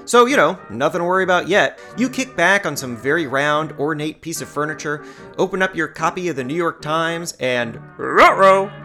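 A woman's voice: deep voice, animated, brisk, sharp tone, soft background music. A woman hosting a podcast, narrating a script with wry, playful asides. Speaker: podcast host.

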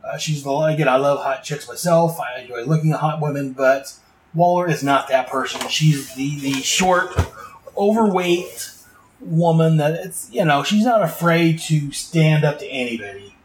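A man's voice: on the high side, normal speed, slight background noise, low-quality recording. A man hosting a casual comic book podcast, recapping pages in a rambling way full of asides.

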